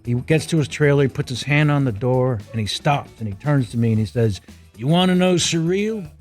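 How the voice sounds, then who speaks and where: A man telling a relaxed anecdote in an interview, slipping into impressions. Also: medium pitch, brisk, faint music behind. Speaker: guest. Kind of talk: interview storytelling.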